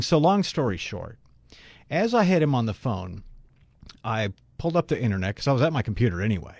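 Animated male radio co-host. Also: medium pitch, a little fast, gravelly, no room sound, studio quality. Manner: animated storyteller, voices the people in his story. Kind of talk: casual radio chat, storytelling.

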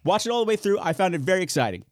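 A man hosting a solo podcast, chatting in an animated, campy way, swearing freely and talking to himself. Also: sits high, racing, no room sound. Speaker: podcast host. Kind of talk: solo podcast chat, horror recommendations.

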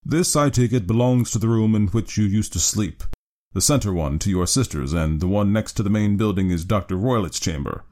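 Sherlock Holmes, cool and deliberate, read by a man. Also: lowish voice, a little mellow, lightly acted. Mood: calm. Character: cool, calculating male detective, commanding.

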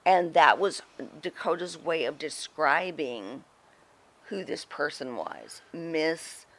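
A woman's voice: deep voice, expressive, slow. A middle-aged woman, a guest on an interview show, telling stories bluntly and emphatically, with frequent swearing. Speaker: guest, former wrestling personality. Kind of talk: candid interview storytelling.

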